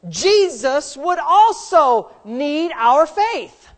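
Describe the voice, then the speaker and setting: A woman's voice: high-pitched, very animated, drawn-out words. A woman preaching a sermon, asking rhetorical questions and adding playful asides.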